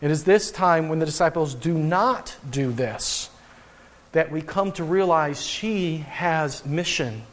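High-voiced male pastor preaching. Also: slow pace. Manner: reads scripture aloud, then preaches with chuckles and voiced asides. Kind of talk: sermon.

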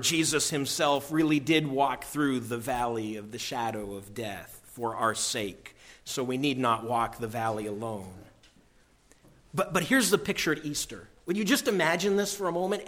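Male pastor, Easter sermon, earnest storyteller, slightly high register. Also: sharp tone. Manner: earnest storytelling, rising emphasis.

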